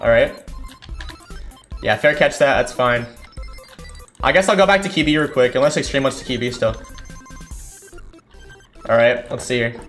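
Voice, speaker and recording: A young man giving casual live commentary on a football game he is playing, thinking aloud and breaking into excited shouts. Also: mid-range voice, normal speed, long pauses, faint music behind. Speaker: gaming streamer. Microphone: desk mic without a condenser.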